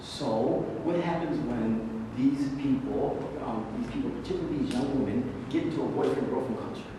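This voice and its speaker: A man's voice: mid-range voice, moderate pace. A man teaching a religious class in a casual, conversational way, repeating key phrases and asking rhetorical questions. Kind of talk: lecture to a class. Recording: very echoey hall, far from mic, noisy.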